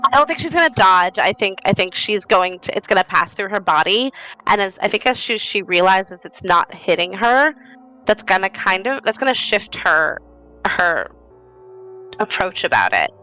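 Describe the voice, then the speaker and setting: A woman's voice: medium pitch, very animated, moderate pace, sharp tone, rough recording. A woman playing a tabletop game who describes her character's actions in a hesitant, thoughtful way, with faint music behind. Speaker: player. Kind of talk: tabletop roleplay narration.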